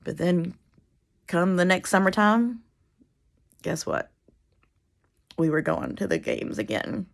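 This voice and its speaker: A tearful woman giving a halting, emotional spoken tribute to her late father, often repeating and restarting her words. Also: fairly low pitch, sing-song, creaky. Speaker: daughter giving a eulogy.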